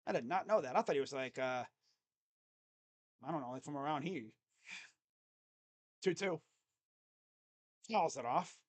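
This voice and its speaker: A young man doing live fan play-by-play, chatty and rambling, jumping to excited calls on each pitch. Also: a little slow, pauses often.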